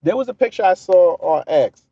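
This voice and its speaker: A man's voice: high voice, very animated, normal speed, creaky, mellow, husky, no room sound, dull audio. A man hosting a casual livestream, talking in a profane, mocking way and answering his chat. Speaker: livestream commentary host.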